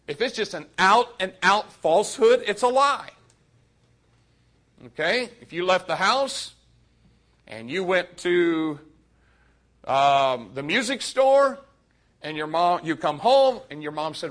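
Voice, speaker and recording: A man preaching a sermon to young people, animated and addressing them directly. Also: high-pitched, slow pace.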